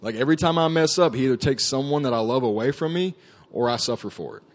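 A man's voice: mid-range voice, lively intonation, quick pace. A man giving a personal testimony to a group, telling his story casually with lots of fillers. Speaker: ministry staff member giving testimony.

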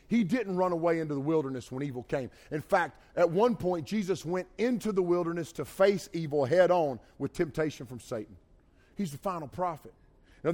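A middle-aged man preaching a sermon, folksy and animated, with jokey asides. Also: fairly high pitch. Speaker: pastor. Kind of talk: sermon with storytelling.

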